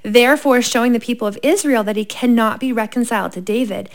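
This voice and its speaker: A woman co-hosting a casual chat, retelling Bible stories in a lively way, laughing often and reading scripture aloud. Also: a little high, fast talker.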